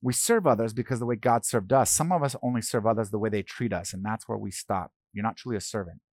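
A man preaching a sermon in a conversational way, telling a personal story with fillers and repeated words, dropping soft for quoted speech and rising for emphasis. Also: lowish voice, fast, no echo, clean studio sound. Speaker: pastor.

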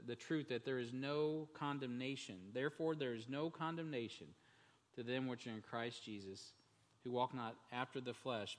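A man preaching a Sunday morning sermon as pastor, in a conversational style with frequent restarts and fillers. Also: mid-range voice. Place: church sanctuary. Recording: long church-hall reverb.

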